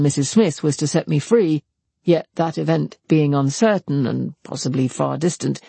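A man reading aloud and voicing an earnest young gentleman confessing in an intense, serious way. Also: a little high, vocal fry, husky, no echo. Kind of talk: audiobook character voice.

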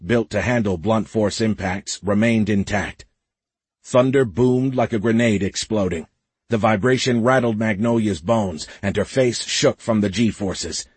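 A man narrating a science fiction audiobook in a steady, measured way. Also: fairly low pitch, slightly rough, dry recording. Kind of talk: scripted narration.

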